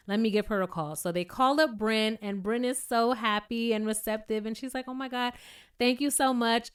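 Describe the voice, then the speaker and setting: A woman, giving a chatty, animated recap of a reality show in a casual commentary style. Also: on the high side, smooth. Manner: chatty and animated, quoting cast members in playful voices.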